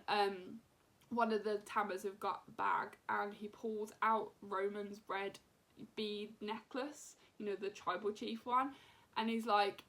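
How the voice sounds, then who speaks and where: A young woman giving an excited, casual recap as a show reviewer, with lots of fillers and acted-out quotes. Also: mid-range voice. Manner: animated, many fillers, acts out wrestlers' lines.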